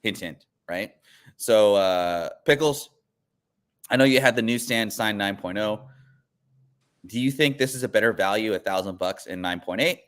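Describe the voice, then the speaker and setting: A man hosts a comic book channel, chatting casually and rambling with frequent fillers and restarts. His voice is on the low side at a moderate pace.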